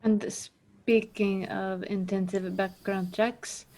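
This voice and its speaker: Woman player, in-character role-play; coy lilt, measured delivery. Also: mid-range voice, level tone, darkish tone, poor audio. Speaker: tabletop game player.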